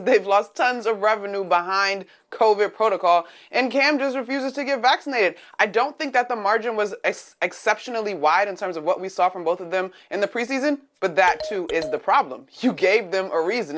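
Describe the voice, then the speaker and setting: A woman arguing her point as a panelist on a sports debate show, measured and methodical. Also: mid-range voice, a bit bright. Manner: measured, building an argument.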